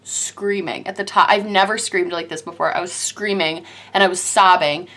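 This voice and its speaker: A woman's voice: lowish voice, steady tone, normal speed, bright, forceful tone. A young woman vlogger telling a personal story in a dramatic, gushing way, filling her speech with "like". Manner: dramatic, breathless retelling, heavy use of "like". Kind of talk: storytime vlog.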